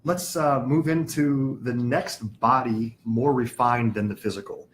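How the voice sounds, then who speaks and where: A man's voice: medium pitch, fairly even intonation, unhurried, slight background noise. A man teaching a spiritual class, patiently explaining terms, spelling words out and asking the class questions.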